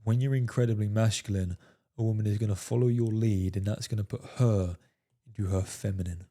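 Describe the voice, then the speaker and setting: Low, dark-voiced man coaching bluntly. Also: steady tone, brisk. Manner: emphatic, repeats "fellas" and "right?", profane. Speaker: dating coach. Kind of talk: coaching monologue to camera.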